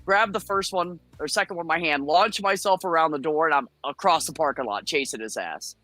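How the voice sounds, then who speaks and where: A woman from the United States, a guest on a chat show, telling a story in a blunt, profane and animated way. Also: low-pitched, a little fast, no room sound, soft background music.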